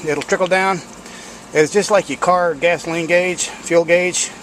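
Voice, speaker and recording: A man's voice: high voice, fairly even intonation, a little slow, fairly bright tone, slight background noise. A man giving blunt, folksy workshop commentary on welding and truck repair, swearing casually as he works. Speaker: home mechanic showing welding work.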